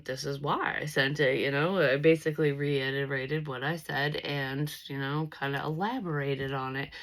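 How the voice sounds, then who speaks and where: A woman's voice: deep voice, a bit bright, poor audio. A young woman vlogger telling a personal story in a blunt, casual way, swearing freely and restarting her sentences. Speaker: psychic medium vlogger.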